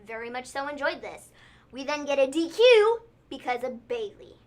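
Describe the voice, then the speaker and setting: A woman's voice: high voice, big pitch swings, moderate pace. A woman co-hosting a casual wrestling recap show, rambling with lots of fillers. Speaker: podcast co-host.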